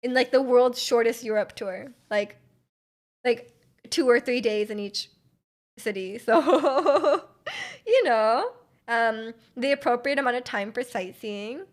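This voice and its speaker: A woman's voice: fairly high pitch, takes it slowly. A young Canadian woman streaming casual chat. She is giggly and filler-heavy, and her mouth is dry from hours of talking. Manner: chatty, giggly, lots of fillers.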